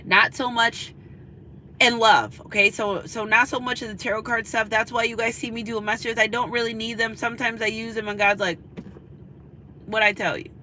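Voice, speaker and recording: A woman's voice: fairly high pitch, level tone, fairly quick, pushed and bright, slight background noise, poor audio. A woman in her thirties, a spiritual reader, giving a casual, preachy pep talk to her viewers and repeating her points for emphasis.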